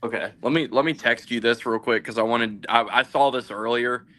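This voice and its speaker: A man's voice: mid-range voice, fairly even intonation, normal speed, sharp tone. A young man co-hosting a casual sports chat, talking loosely with lots of fillers. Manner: loose, filler-heavy talk. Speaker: co-host.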